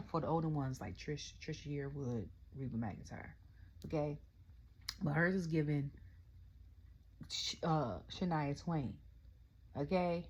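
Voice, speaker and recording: Young woman, lower husky voice, lively storytelling rant; muffled lo-fi recording. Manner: animated storytelling, quotes her own reactions, frequent "okay?". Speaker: wrestling review vlogger. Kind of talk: casual rant.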